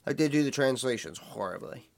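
A man's voice: mid-range voice, animated, brisk, gravelly, no echo. A young man co-hosting a podcast in casual chat, rambling and filling his talk with "like" and "dude". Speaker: podcast co-host.

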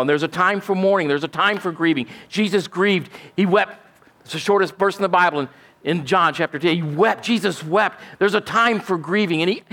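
A man's voice: high-pitched, a bit bright. A male pastor, preaching a folksy, emphatic sermon and asking "amen?" often.

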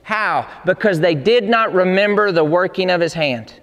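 A man's voice: sits high, moderate pace, hardly any pauses, a bit bright. A man preaching a sermon, emphatic and rising to fervent pleading. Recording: long hall reverb.

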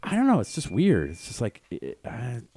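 A man's voice: medium pitch, wildly swooping pitch, moderate pace, dark tone, slightly rough. A man co-hosting a podcast, rambling and interrupting himself, laughing often in loose casual chat. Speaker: podcast co-host.

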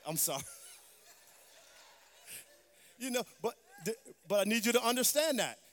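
A woman's voice: a little high, lively intonation, measured pace, slight background noise. Brief: woman preacher, sermon delivery, emphatic call-and-response, reverberant hall.

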